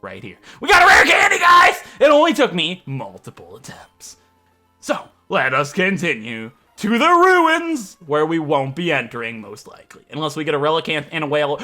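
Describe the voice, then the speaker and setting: A man hosting a let's play, giving jokey, excitable commentary with mock game-show announcing. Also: fairly high pitch. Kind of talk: gameplay commentary.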